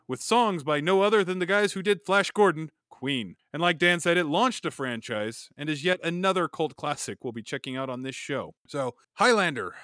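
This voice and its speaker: Bright-voiced man joking through film facts. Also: fairly high pitch, no echo, studio quality. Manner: jokey, laughs between facts. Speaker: podcast co-host. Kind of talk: casual chat, reading film facts.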